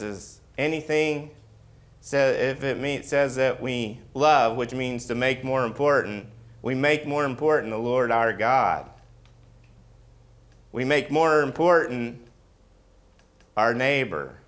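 A man preaching a sermon as pastor, firing questions at the congregation and swinging from hushed lows to emphatic, rising peaks.

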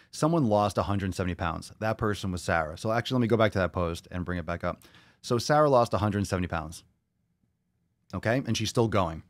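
A man hosting a podcast in a casual monologue, excitable and profane, often repeating phrases. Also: on the low side, no echo. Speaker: podcast host.

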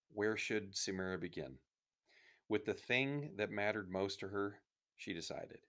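A man reading a children's novel aloud in a steady, even narration. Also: deep voice, moderate pace.

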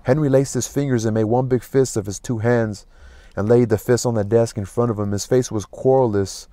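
A man reading a classic novel aloud as an audiobook, in a steady, unhurried way. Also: mid-range voice, no echo. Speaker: audiobook narrator.

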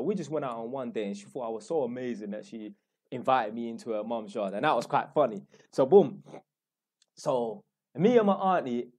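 A man's voice: medium pitch, darkish tone. A young man with a London accent telling a rambling, slangy story in a blunt, casual way. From London, England. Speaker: YouTuber.

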